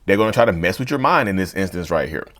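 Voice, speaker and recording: Male host, direct-to-camera talk, animated and repetitive, very lively pitch. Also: quick pace. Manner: animated, repeats and rephrases points; addresses viewers as "y'all". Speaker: mental health channel host.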